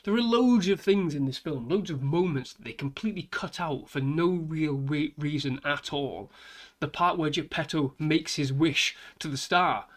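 A man's voice: a little high, a bit bright. A man giving an exasperated, sighing film review rant, swearing often.

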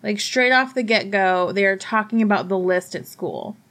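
A woman casually retelling a movie plot, animated and profane, acting out quotes along the way. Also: mid-range voice, moderate pace. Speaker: podcast co-host. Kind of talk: casual chat.

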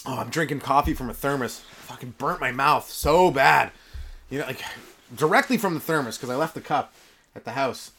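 A man's voice: mid-range voice, normal speed, fairly bright tone, a little hiss or hum. A man, hosting a solo comedy podcast in a profane, rambling, sarcastic rant. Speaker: stand-up comedian and podcast host.

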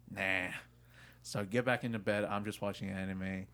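A man's voice: on the low side, fast talker. A young man co-hosting a casual chat, telling a story with swearing and acted-out voices. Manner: animated, swearing, acts out voices in stories. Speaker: podcast co-host.

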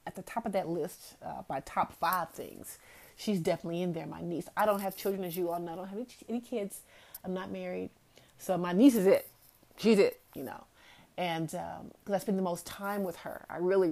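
A woman's voice: lowish voice, vocal fry, darkish tone. A woman hosting a casual motivational talk. She speaks earnestly and repeats key phrases for emphasis. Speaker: host of a talk series.

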